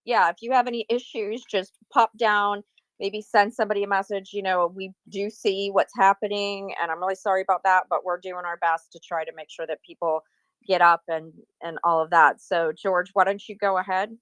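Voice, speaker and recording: A woman hosting and moderating a casual online discussion, relaxed and apologetic as she manages speakers. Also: medium pitch, fairly quick, no echo. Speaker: host and moderator.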